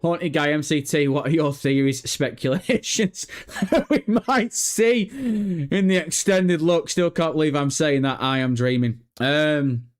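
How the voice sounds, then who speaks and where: A man's voice: on the high side, measured pace, smooth. A man chatting casually on a gaming news livestream, swearing freely and breaking into helpless laughter.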